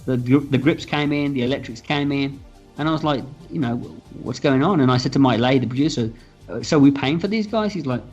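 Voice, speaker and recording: A film director telling stories from the set in a casual, animated interview, acting out quotes and swearing freely. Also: male voice, mid-range voice. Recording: slightly dull audio with faint music.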